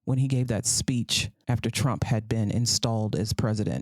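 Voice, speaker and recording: An American woman hosts a solo commentary podcast, sarcastic and profane, repeating phrases for emphasis and slipping into mocking voices. Her voice is a rumbling low with a darkish tone, delivered at normal speed on a dry recording.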